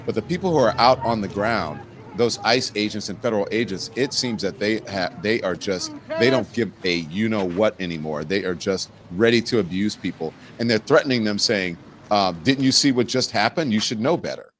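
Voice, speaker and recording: A man hosting a live news talk show, questioning a guest in a halting, hesitant way. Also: lowish voice, a crowd in the background. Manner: hesitant, full of fillers and restarts. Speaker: host.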